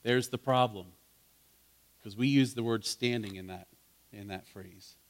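A pastor leading a Bible study speaks in a lowish voice at an unhurried pace. His sermon is conversational and interactive, questioning listeners and building to fervent emphasis.

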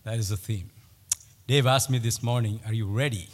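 A man's voice: fairly low pitch, long reverb tail. A man preaching a sermon, telling a story and repeating his key points with emphasis. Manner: storytelling, with pauses and emphatic repetition.

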